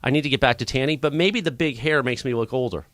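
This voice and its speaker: Man, radio host, fast and lively, bright-toned, excitable, joking. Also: mid-range voice, dry recording. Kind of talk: casual studio chat.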